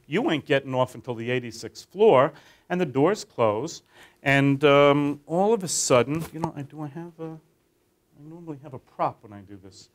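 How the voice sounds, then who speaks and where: A man leading a training class through a guided teaching tale, talking animatedly and quizzing his listeners. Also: fairly high pitch. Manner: animated, addresses listeners with questions.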